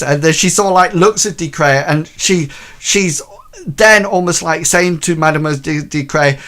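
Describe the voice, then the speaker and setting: A man's voice: on the high side, normal speed, fairly bright tone. A man narrating a tabletop role-playing game as game master, in a hesitant way with many ums and restarts.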